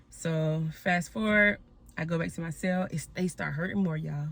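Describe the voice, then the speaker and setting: A woman's voice: fairly low pitch, expressive, a little fast, vocal fry, a bit bright. A young woman telling a personal story to her viewers in a candid, conversational way, often speaking to them directly as y'all. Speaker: vlogger.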